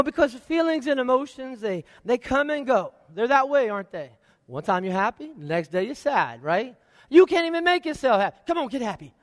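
High-voiced man preaching in a hall. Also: studio quality. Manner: preaching with rhetorical questions, varying pace and loudness. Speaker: pastor. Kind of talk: sermon. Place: church sanctuary.

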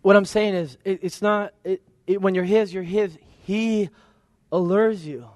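A man preaching a sermon in a conversational, lively way, with playful asides and quoted voices. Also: high-pitched, a little slow, no echo, clean studio sound.

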